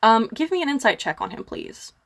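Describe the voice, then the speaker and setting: A woman's voice: a little high, very animated, creaky, fairly bright tone. Casual woman game master narrating. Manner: casual, many fillers, brisk scene-setting.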